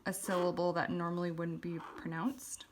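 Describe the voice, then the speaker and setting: A woman calmly teaching a calligraphy lesson, explaining step by step with occasional ums while she writes. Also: lowish voice, moderate pace, noisy background. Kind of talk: instructional voice-over while writing.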